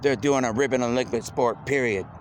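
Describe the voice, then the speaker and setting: A man rambles outdoors in a loose, excitable monologue and keeps circling back to repeat himself. His voice sits at an ordinary pitch. Clear traffic and street noise run underneath. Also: brisk. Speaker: video blogger. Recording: noisy outdoor recording.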